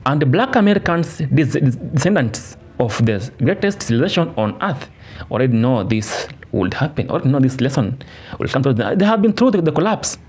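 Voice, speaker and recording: A man's voice: mid-range voice, big pitch swings, a little fast, darkish tone, slightly rough. A man narrating a political commentary, emphatic and repetitive, with restarts. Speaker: channel narrator. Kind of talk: commentary voice-over.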